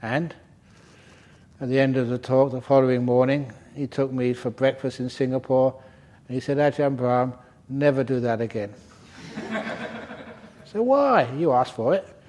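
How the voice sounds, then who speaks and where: Playful older monk teaching. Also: male voice, medium pitch, measured pace, pauses often, darkish tone. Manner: playful, teasing, laughs at his own stories. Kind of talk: humorous dharma talk. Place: retreat centre hall.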